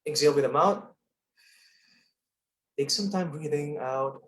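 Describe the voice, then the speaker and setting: A man's voice: on the high side, a little slow, a bit bright, reverberant. A man with a Filipino accent and a trained broadcast voice, leading an online lesson on public speaking and checking in often with "okay?". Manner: coaching, checks in with frequent "okay?".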